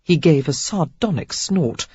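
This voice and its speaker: A woman narrating a historical romance audiobook in a measured, expressive reading. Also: low voice, breathy edge, no room sound, dull audio. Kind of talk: scripted narration of a romance novel.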